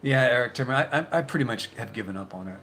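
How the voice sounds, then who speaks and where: A man's voice: medium pitch, expressive, a bit bright, slight background noise. Stammering man chatting with viewers. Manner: rambling, stammering repeats, halting fillers. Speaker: YouTube channel host. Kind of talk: casual live-stream chat reading viewer comments.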